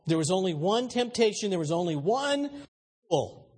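A male pastor delivers a sermon in a high, husky voice with wide swings in pitch. He is emphatic, often turning to ask his listeners questions and stumbling over repeated words. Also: very animated, moderate pace, darkish tone.

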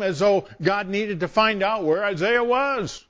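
A man's voice: sits high, moderate pace, few pauses, a bit bright. A man preaching a sermon in a storytelling way, acting out scenes with different voices.

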